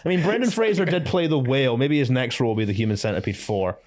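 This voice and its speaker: A man's voice: mid-range voice, lively intonation, quick pace, very noisy. A man co-hosting a podcast, giving opinionated casual film-review chat with many fillers and frequent laughs. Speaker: podcast co-host.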